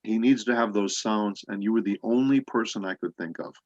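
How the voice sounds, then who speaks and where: Middle-aged male voice actor, low voice, rambling storyteller, dull lo-fi audio. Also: darkish tone, no room sound. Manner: rambling anecdotes with many pauses. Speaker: voice actor guest. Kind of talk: casual interview storytelling.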